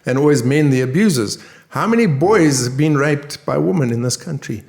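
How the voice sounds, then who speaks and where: A man's voice: on the high side, normal speed, creaky. A man from South Africa, a counsellor, talking bluntly and animatedly in a conversational interview. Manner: blunt, animated, acts out quotes. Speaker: counsellor for male abuse survivors.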